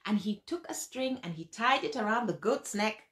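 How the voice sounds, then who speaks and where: A woman storyteller narrating a folk tale in an animated way, with sound effects and vivid emphasis. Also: medium pitch, normal speed.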